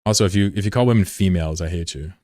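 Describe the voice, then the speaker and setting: A man streaming live, chatting bluntly and profanely with viewers, swinging between loud outbursts and low mutters. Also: very fast, no echo. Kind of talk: casual live-stream chat.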